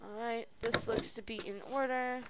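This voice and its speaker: A woman's voice: on the high side, fairly even intonation, normal speed, very noisy. A woman streaming a video game and commenting as she plays, often muttering to herself while she works. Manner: talks to herself while working, mutters under her breath. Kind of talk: let's play commentary.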